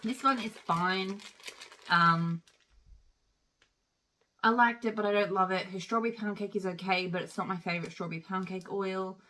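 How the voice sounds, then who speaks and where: A woman's voice: mid-range voice, fairly even intonation, moderate pace, long pauses, bright, forceful tone. A woman chatting casually as she reviews wax melts, rambling with plenty of fillers. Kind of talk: casual product review chat.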